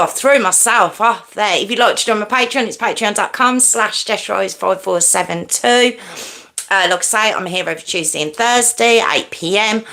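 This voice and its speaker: A woman's voice: mid-range voice, sharp tone. A woman hosting a live stream, chatting casually with viewers and greeting them by name. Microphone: earpiece in.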